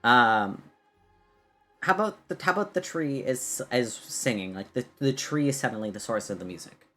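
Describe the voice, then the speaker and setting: A man's voice: medium pitch, animated, moderate pace, fairly bright tone, faint music behind. Casual man running a tabletop game. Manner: casual, many fillers, laughing narration. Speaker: game master.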